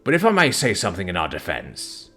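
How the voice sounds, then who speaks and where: A man's voice: low voice, huge pitch swings, fast, a bit bright, faint music behind, heavily acted. A man voicing a young male orc warrior who speaks respectfully but boldly. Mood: earnest.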